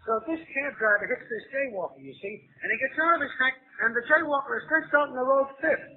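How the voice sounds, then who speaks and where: A man's voice: very high-pitched, expressive, fast, phone-quality sound. An actor playing a chatty, wisecracking male cab driver in a 1940s radio drama, with a slangy, brash way of talking. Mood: joking. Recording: scratchy old radio broadcast.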